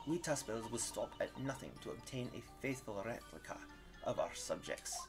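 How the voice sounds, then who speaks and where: A man voicing a proud middle-aged French woman waxwork sculptor, with a put-on French accent, theatrical and deliberate. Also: mid-range voice, animated, over music, natural voice. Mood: proud, macabre.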